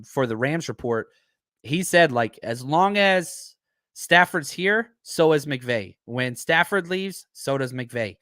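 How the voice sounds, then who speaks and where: A man hosting a live-streamed sports podcast, talking casually and thinking out loud in an animated, chatty way. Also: mid-range voice, no echo, clean studio sound. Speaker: podcast host.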